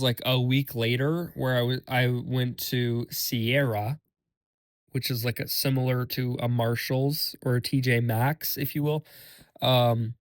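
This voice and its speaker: A young man hosting a solo podcast while sick, hoarse and rambling in casual chat, full of fillers and self-deprecating asides. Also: medium pitch, dry recording. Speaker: podcast host.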